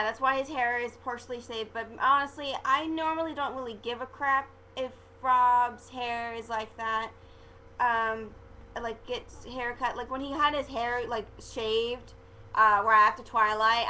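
A woman's voice: fairly high pitch, steady tone, bright, forceful tone, a little hiss or hum, poor audio. A young woman chatting in a rambling, gossipy way in her bedroom as a fan vlogger. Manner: chatty, rambling, quick to get defensive. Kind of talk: casual chat. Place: bedroom at home.

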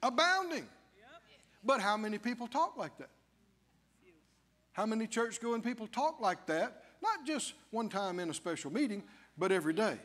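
High-voiced preaching man, lively. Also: moderate pace. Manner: animated preaching that swings from low asides to shouted declarations. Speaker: pastor. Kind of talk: sermon. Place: church sanctuary. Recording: long church reverb.

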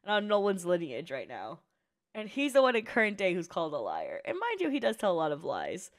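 A woman's voice: lowish voice, huge pitch swings, fairly quick. A young woman hosting an anime reaction video, talking in a casual, emotional and profane way. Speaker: anime reaction channel host.

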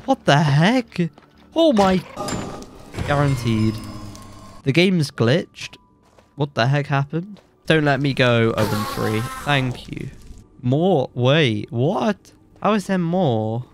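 A young man with a blocked nose, giving excitable, joking commentary while playing a game and yelping when surprised. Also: a little high, slow, background noise. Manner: excitable, jokey boasting, yelps when surprised. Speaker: gaming YouTuber. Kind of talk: let's play commentary.

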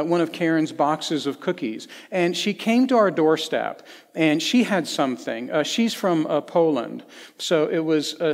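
Man preaching in an echoing church. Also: a little high. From Tennessee. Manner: conversational storytelling, folksy asides, swings between lively and hushed. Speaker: pastor. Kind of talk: sermon. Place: church sanctuary. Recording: long church hall reverb.

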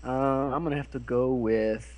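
A young man playing a card game online with friends, excitable and yelping in mock outrage. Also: mid-range voice, normal speed. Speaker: player. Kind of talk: casual gaming chat.

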